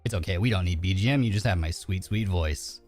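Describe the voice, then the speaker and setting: A virtual streamer with a deep, slightly mellow voice talks a little fast in casual live-stream chat. Nervous and earnest, he wears his emotions openly and rambles through heavy fillers, with faint music in the background.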